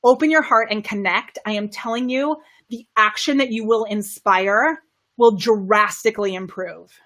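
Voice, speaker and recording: A woman coaching viewers on a live video stream, high-energy and excitable, laughing often, with her microphone set well away from her. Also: moderate pace. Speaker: camera confidence coach. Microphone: microphone kept far from her.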